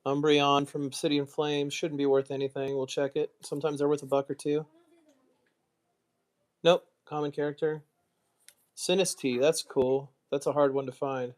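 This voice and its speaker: A man's voice: on the high side, little pitch movement, moderate pace. An American man chatting casually on a live stream, muttering asides and mocking himself as he goes. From United States. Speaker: streamer, card collector.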